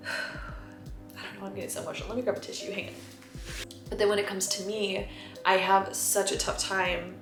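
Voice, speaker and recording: Young woman, vlogger, candid rambling chat, roomy echo, faint background music. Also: medium pitch. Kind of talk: casual chat to camera.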